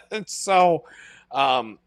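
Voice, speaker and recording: A man's voice: sits high, dry recording. A man hosting a live stream, ranting in an unscripted monologue, profane and exasperated but mocking himself.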